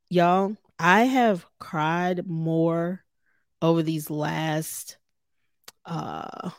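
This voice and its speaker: A woman in her thirties shares her faith in an earnest, conversational podcast style and speaks straight to her listeners. Her voice sits low, with a gravelly fry at the edges. The recording is dry and close. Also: dry recording. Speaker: podcast host. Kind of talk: personal faith podcast talk.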